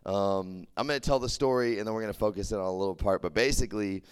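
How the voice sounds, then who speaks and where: A man's voice: fairly low pitch, fast talker, smooth. A young man from Texas, preaching a casual youth sermon, chatty and full of "like" and restarts. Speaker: campus ministry preacher.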